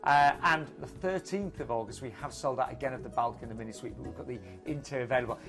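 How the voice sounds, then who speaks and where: A man co-presenting a live TV cruise show, pushing the deals in brisk, upbeat sales talk. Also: medium pitch, a bit bright, faint music behind.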